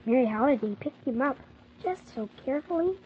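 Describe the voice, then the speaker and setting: Brief: earnest little boy, played by a woman, high voice, storybook narration, lo-fi. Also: expressive, fairly quick, a little hiss or hum. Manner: earnest, polite. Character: polite young orphan boy narrating. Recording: dull lo-fi old recording.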